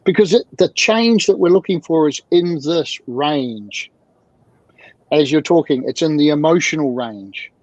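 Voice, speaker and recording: A man speaking as a guest mentor in an interview, animated and fond of repeated rhetorical questions, heard through dull lo-fi audio. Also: a little high, dry recording. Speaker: guest, emotional communication mentor. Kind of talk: video-call interview talk.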